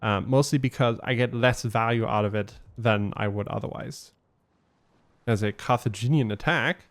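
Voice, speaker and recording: A man's voice: mid-range voice, moderate pace. A man giving casual gameplay commentary as a let's play host, thinking aloud and explaining his tactics with frequent ums.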